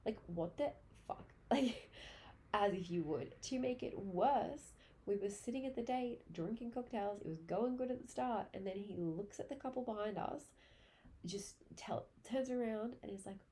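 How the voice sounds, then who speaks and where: A woman's voice: mid-range voice, moderate pace, dark tone, a little hiss or hum. A woman in her late twenties hosting a casual solo podcast, telling stories in a chatty way and swearing freely. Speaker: podcast host.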